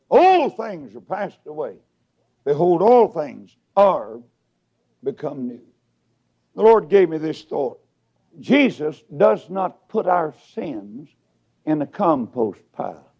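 Shouting preacher, big swings. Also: male voice, slightly rough. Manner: swings from shouted peaks to low mutters, storytelling. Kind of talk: revival sermon. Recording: dull lo-fi sound.

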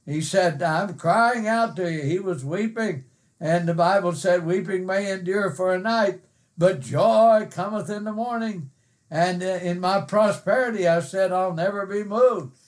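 Slow, high-voiced earnest preacher man. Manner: earnest, emphatic, with frequent "uh" pauses; quotes scripture in old-fashioned wording. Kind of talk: sermon.

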